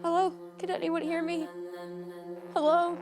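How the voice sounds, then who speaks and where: A woman's voice: extremely high pitch, level tone, a little slow, over loud music. An actress playing a frightened woman who calls for help after an attack, breathless and pleading. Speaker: film character. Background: loud film score.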